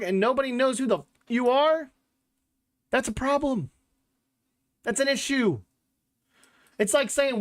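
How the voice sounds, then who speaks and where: High-voiced, rambling male podcast host. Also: animated, moderate pace, long pauses. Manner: rambling, filler-heavy talk with frequent "like" and "literally"; blunt, joking opinions. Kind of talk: casual sports podcast chat.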